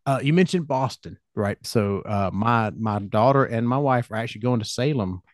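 A middle-aged man with a country Southern accent, hosting a podcast and telling relaxed, rambling stories. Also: mid-range voice, normal speed, no echo, studio quality. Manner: relaxed, rambling anecdotes with fillers. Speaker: podcast host. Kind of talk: casual podcast chat.

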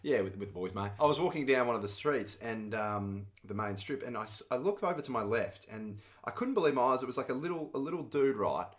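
A man's voice: mid-range voice, expressive, a little fast, few pauses. A man co-hosting a casual comedy podcast, reacting often and laughing as he tells his own travel story. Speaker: podcast co-host.

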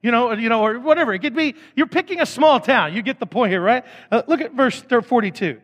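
A man's voice: very high-pitched, animated, fast talker, fairly bright tone. A man, preaching a sermon, reading scripture and breaking into joking asides and acted-out voices. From Fort Smith, Arkansas. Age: 30s. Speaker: pastor. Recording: long hall reverb.

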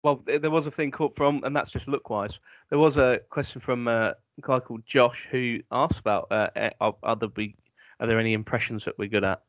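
A man's voice: medium pitch, fairly even intonation, a little fast, dry recording. A man from the UK co-hosting a podcast, rambling and hesitant with plenty of ums and restarts. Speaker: podcast co-host. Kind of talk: casual podcast chat. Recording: dry, slightly dull lo-fi audio.

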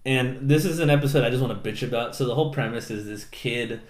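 A man's voice: mid-range voice, fast talker. A young man in casual podcast chat, rambling and swearing as he recaps an anime. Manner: profane, rambling, acts out characters' lines. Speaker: podcast co-host. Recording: roomy echo.

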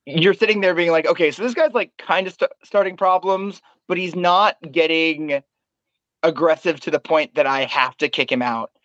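A man with a somewhat high voice muses about bar work, stumbling over repeated words as he thinks aloud. The sound is dry and a little dull, like a cheap mic. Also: normal speed, fairly bright tone, dry recording. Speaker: bar worker, co-host. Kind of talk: casual podcast chat.

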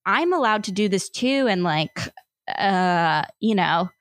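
A woman's voice: mid-range voice, animated, slow, no echo. A woman in casual conversation about a film, candid and personal, with many "like" and "you know" fillers. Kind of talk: casual chat about a movie.

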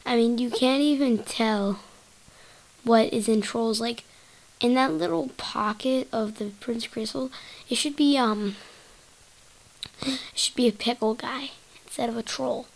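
A woman's voice: fairly high pitch, unhurried, gravelly, long pauses, poor audio. A woman hosting a solo podcast, rambling in a silly, giggly way and jumping from topic to topic. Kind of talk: rambling casual monologue.

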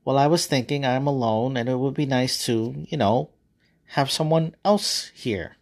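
A man's voice: medium pitch, a little slow, lightly acted. A man voicing a nervous, whiny young man in a comic story, hesitant and pleading.

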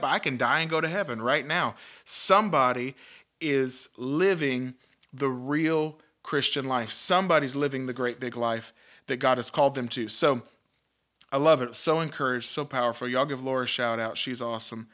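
A man hosts a devotional podcast, his voice bright and forceful. He talks earnestly and with emphasis, often doubling words and restarting his sentences. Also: mid-range voice, moderate pace. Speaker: podcast host, Christian teacher.

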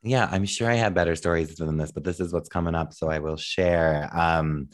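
A very low-voiced man talks as a podcast guest. He tells stories against himself in an earnest, easygoing way. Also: fairly even intonation, normal speed. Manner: earnest, self-deprecating storyteller. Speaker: podcast guest, musician and actor. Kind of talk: casual interview chat.

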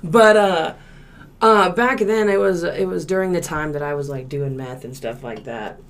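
A young woman, telling a story in casual podcast chat, laid-back and swearing, loud when she acts out quotes. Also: sits low, normal speed, background noise. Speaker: podcast co-host.

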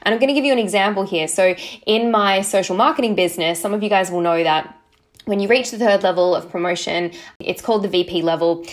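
An upbeat woman hosts a podcast, talking casually and motivationally about mindset. She chats freely, acting out her own past thoughts and checking in with listeners with a quick "okay?" or "right?". Her pitch sits mid-range for a woman. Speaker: podcast host, social marketing entrepreneur.

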